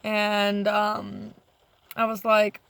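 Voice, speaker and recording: A young adult woman vlogging casually to camera, rambling through a story with heavy profanity and animated retelling. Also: medium pitch, extremely slow, vocal fry, clear, resonant tone.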